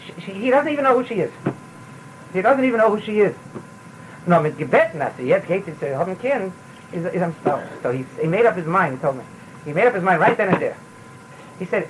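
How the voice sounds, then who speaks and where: A man's voice: on the high side, sing-song, fairly quick, long pauses, a little hiss or hum, low-quality recording. A man giving a sermon as a rabbi, repeating words and mixing in Yiddish phrases. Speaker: rabbi giving a Torah talk.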